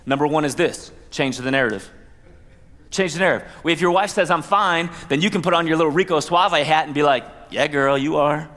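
A man's voice: fairly high pitch, quick pace, a bit bright. Man preaching in an echoing hall. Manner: conversational preaching with asides and playful quoted voices. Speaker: pastor. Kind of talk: sermon. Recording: long hall reverb.

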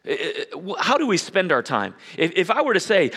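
A male pastor preaches with a bright, forward, slightly raised voice, mixing casual asides with emphatic repetition. His words trail off into a long church reverb. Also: sits high, sing-song, fairly quick, creaky, hardly any pauses, breathy edge. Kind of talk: sermon.

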